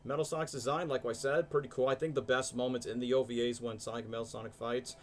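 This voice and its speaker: A man's voice: mid-range voice, fairly even intonation, quick pace, a little hiss or hum. A young man hosting a live stream, chatting casually and animatedly with lots of fillers. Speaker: stream host. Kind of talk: casual chat, ranking shows live.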